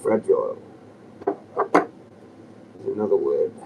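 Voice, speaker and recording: Low-voiced man rambling on a live stream. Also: expressive, takes it slowly, phone-quality sound. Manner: loose and chuckling, often dropping to a whisper. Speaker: livestreamer. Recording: distant mic with clear outdoor noise.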